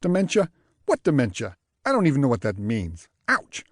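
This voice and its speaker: A man's voice: mid-range voice, wildly swooping pitch, no echo, studio quality. Man doing a grumpy old New York jazzman. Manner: loud, grumbling, quick retorts.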